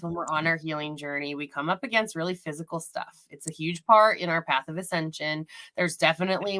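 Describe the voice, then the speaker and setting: Candid woman host with a bright voice. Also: on the low side. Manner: candid, laughing, swears freely. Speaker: host and intuitive reader. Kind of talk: casual spiritual talk on a live stream.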